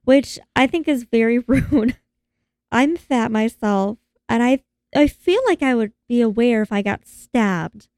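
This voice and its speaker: A woman's voice: fairly high pitch, lively intonation, measured pace, a little mellow, dry recording, clean studio sound. A woman in casual chat, recapping a film and animatedly acting out the characters' lines in voices. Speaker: podcast co-host recapping a film.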